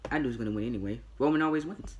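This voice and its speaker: A man's voice: mid-range voice, very fast, a little mellow, dull audio, a little hiss or hum. Rambling, opinionated male wrestling reviewer. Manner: rambling and opinionated, repeats words, chuckles often. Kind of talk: casual solo review vlog.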